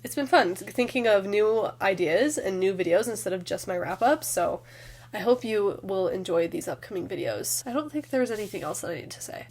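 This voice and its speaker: A woman with a sick, hoarse voice, chatting casually and rambling a bit as she reviews books in her vlog. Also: medium pitch, animated, moderate pace, darkish tone. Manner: chatty, rambling with fillers and restarts. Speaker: book vlogger. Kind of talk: casual chat.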